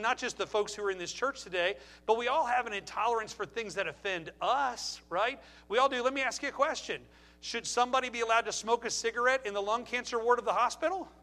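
A middle-aged male pastor delivering a sermon in a church, his voice pitched high for a man. He presses his points with rhetorical questions and hammering repetition, in a bright, forceful tone. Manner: emphatic, rhetorical questions and repeated phrases.

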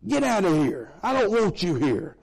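A man's voice: high-pitched, big pitch swings, normal speed, vocal fry, a little mellow, breathy edge, voice pushed up, heavily acted, rough recording. A man voicing annoyed maids shooing a spider off the wall, fussy and scolding.

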